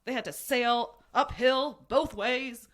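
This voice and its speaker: A woman's voice: on the high side, slow. A young woman chatting casually as a podcast co-host, tossing in playful jokey asides. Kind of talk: casual chat.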